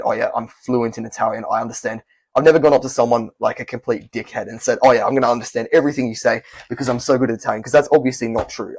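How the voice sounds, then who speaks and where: A man's voice: medium pitch, creaky, a little mellow, husky, no room sound. A young man from Australia, giving casual, candid advice to camera in a rambling way with frequent self-corrections. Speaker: language learning YouTuber.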